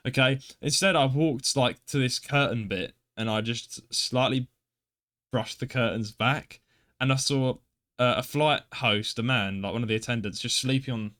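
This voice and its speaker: With a mid-range, slightly bright voice at a normal pace, a young man co-hosting a podcast recounts an embarrassing moment. He's self-deprecating and acts out how he reacted, in a casual storytelling style.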